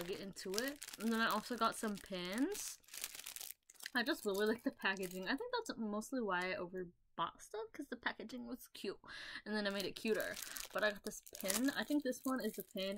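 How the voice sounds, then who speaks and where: A young woman vlogger rambles through a casual haul video, full of fillers and the odd swear word. She records on a laptop mic at home; her mid-range voice comes with background noise.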